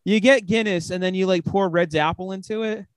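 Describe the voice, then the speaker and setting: A man's voice: high-pitched, fairly quick, clean tone, no room sound. A man hosting a podcast, chatting casually while drunk, swearing and laughing often, his words loose and slurred. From United States. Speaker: podcast host. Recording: dry close mic, lo-fi podcast audio.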